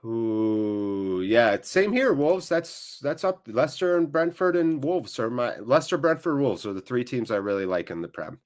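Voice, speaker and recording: A man hosting a live fan watchalong, giving emotional, excitable match commentary. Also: medium pitch, moderate pace, hardly any pauses. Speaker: fan channel host.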